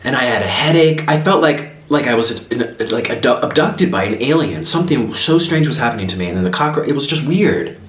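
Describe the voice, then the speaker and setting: A man tells a rambling story while eating on camera, his voice swinging high and low as he restarts his sentences. He sounds like he is in a roomy space with a noticeable echo. A faint hiss sits underneath. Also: brisk, few pauses. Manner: animated, rambling, with many restarts. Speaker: mukbang vlogger.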